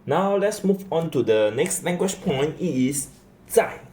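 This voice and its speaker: A man teaching a language lesson at an unhurried pace. His pitch rises and falls a lot as he stresses points. He repeats phrases and checks in with the class again and again. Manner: lively rising and falling pitch. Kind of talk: slow classroom explanation.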